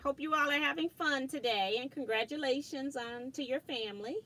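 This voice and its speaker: Bright-voiced woman hosting a quilting livestream. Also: high-pitched, fairly quick, rough recording. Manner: chatty, laughs often, reads viewer comments aloud. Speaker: quilting channel host. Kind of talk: casual livestream chat.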